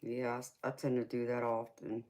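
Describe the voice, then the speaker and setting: A tarot reader with a Southern American accent hosts a livestream, chatting sassily with viewers and calling them baby in a drawl. Her voice is very deep and mellow, fairly quick, with a completely flat delivery.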